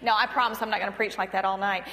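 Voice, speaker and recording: Speaking at a racing pace in a medium-pitched voice with big-room sound, this Southern-accented, middle-aged woman from North Florida, USA, is guest speaker at a women's church gathering. The pastor's wife tells stories in a chatty, humorous sermon, poking fun at herself and performing quoted lines with gusto.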